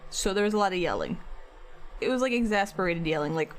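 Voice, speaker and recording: A woman's voice: medium pitch, animated, fast talker. A woman art streamer chatting casually while sculpting on a live stream, rambling with lots of filler words.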